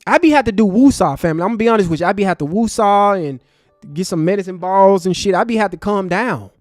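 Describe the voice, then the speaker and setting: A man hosting a live stream, angry and passionate, cursing in street slang, with loud bursts and low mutters. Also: lively intonation, fast talker, no echo, soft background music. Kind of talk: heated live stream commentary.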